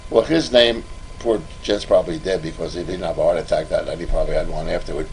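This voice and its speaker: A man's voice: sits low, fairly even intonation, fast, darkish tone, slight background noise, rough recording. An older man hosting a podcast, telling a rambling anecdote with restarts. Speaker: podcast host. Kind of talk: podcast interview.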